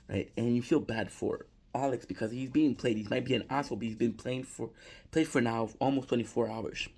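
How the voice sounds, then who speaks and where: Rambling man recapping a video, husky. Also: medium pitch, fairly even intonation, fairly quick, a little mellow. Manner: rambling, repeats "right?", frequent restarts and laughs. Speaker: commentator recapping a prank call video. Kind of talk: casual reaction commentary.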